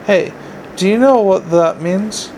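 A man voicing a nervous, clever male dwarf watchman who asks quick, fretful questions. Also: high voice, darkish tone, slight background noise, pitched above the performer's own voice, low-quality recording. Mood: uneasy.

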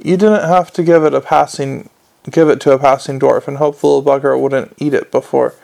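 A man's voice: medium pitch, steady tone, brisk, vocal fry, darkish tone, natural voice. A man reading the lines of a weary, cynical middle-aged watch captain with dry, grumbling humor.

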